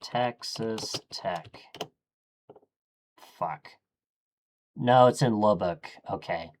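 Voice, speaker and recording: A man streaming, thinking aloud in a casual, low-key way as he murmurs his choices one after another. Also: slow pace.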